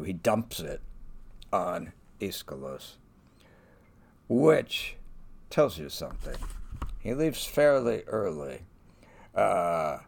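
A man lecturing on a play in an unhurried, reflective way, lifting his voice when he reads quoted lines. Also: deep voice, big pitch swings, vocal fry. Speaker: podcast lecturer on literature. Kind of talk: lecture with dramatic reading.

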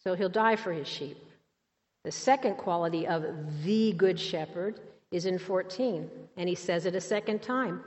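A woman's voice: fairly low pitch, normal speed, darkish tone. A woman teaching a Bible lesson from scripture, emphatic and asking her listeners questions. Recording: dull, hall reverb.

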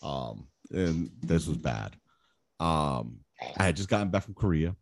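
A man in his thirties, an army veteran, telling war stories in casual chat, profane, animated and boastful. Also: rumbling low, measured pace, vocal fry, no echo, clean studio sound.

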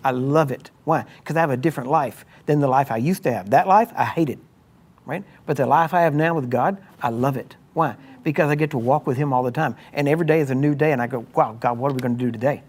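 A middle-aged man preaching a sermon in a conversational way, often asking "Why?" and "Amen?", and at times rising into loud, high exhortation. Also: fast talker. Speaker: pastor.

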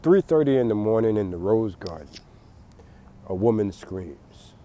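Rambling late-night talker, male, unhurried, swings his pitch a lot, chuckles at his own bits. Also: expressive, mellow. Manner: rambling, repeats words, laughs at own jokes.

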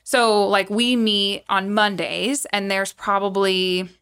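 A woman's voice: mid-range voice, little pitch movement, slow, a bit bright, clear, resonant tone. Chatty woman guest, casual talk. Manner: chatty, lots of likes and restarts. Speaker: guest, horse trainer. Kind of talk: casual podcast conversation.

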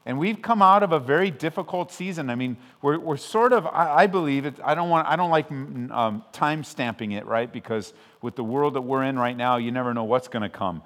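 A man from Southern California preaching a sermon as pastor, conversational with frequent restarts, swelling loud when he quotes scripture. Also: medium pitch, a little fast, hardly any pauses. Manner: conversational and self-interrupting, with restarts. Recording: long hall reverb.

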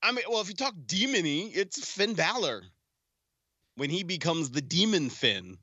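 A man co-hosting a podcast in casual chat, telling stories quickly and animatedly. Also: high voice, very animated, sharp tone, no echo, highs cut off. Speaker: podcast co-host.

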